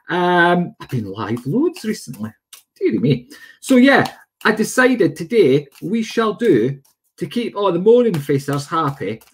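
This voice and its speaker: A man's voice: a little high, breathy edge. A man hosting a live psychic stream, chatting and greeting viewers by name. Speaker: psychic medium host. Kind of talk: livestream chat.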